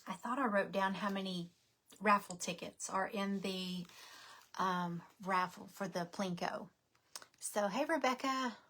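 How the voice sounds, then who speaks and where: A woman's voice: medium pitch, flat delivery, unhurried, bright, forceful tone, slight background noise. A woman hosting a craft livestream, chatting casually and muttering to herself now and then.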